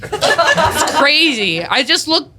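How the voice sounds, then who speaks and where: A woman comedian performing a stand-up set, telling offbeat stories deadpan and breaking into sudden shouted bits. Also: high voice, slow pace. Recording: live comedy set, loud audience laughter.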